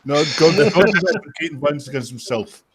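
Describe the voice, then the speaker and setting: A man in a casual group chat who keeps firing off quick wisecracks. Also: fairly high pitch, crowd noise.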